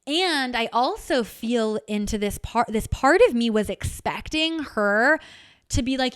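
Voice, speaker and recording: A woman hosting a podcast, telling a personal story in a candid, animated way and swearing freely as she goes. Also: fairly high pitch, unhurried, clean tone. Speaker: podcast host. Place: home.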